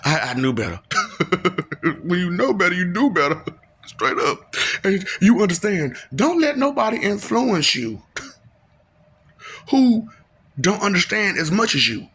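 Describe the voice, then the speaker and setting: Gravelly, giggly man rambling. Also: high-pitched, big pitch swings, a little slow, pauses often, a bit bright. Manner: laughs often, breaks into sing-song bits and mocking voices. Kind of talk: casual rambling monologue.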